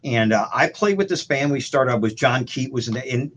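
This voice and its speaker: A man's voice: mid-range voice, lively intonation, brisk, a bit bright. A man on a video call, telling rambling anecdotes about his band days in casual chat, full of restarts and fillers. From St. Louis. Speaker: guest musician.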